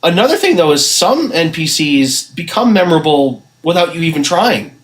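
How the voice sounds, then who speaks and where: A man's voice: fairly high pitch, big pitch swings, normal speed. A man co-hosting a podcast about running tabletop games, chatting in an encouraging way and saying "you know" a lot. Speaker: podcast co-host, game master. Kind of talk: casual podcast chat.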